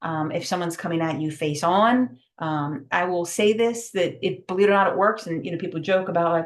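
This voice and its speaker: Brisk, emphatic woman trainer. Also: fairly low pitch. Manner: brisk, emphatic, many fillers. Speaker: safety trainer. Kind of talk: virtual training presentation. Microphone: video call.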